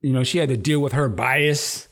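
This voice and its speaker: A man's voice: mid-range voice, moderate pace. A man hosting a casual chat, recapping a TV episode with slang and swearing, acting out characters' lines. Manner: animated storyteller who acts out the characters' lines in raised voices. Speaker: podcast host.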